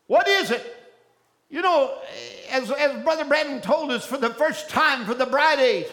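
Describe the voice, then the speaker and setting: A man preaching a fiery sermon, shouting out lines and then dropping to a hushed low voice.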